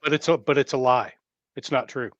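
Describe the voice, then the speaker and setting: A man's voice: mid-range voice, fairly even intonation, fairly quick, a bit bright, dry recording, dull audio. Man firmly correcting a claim. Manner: firm, corrects claims point by point. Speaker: podcast co-host. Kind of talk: casual political podcast chat.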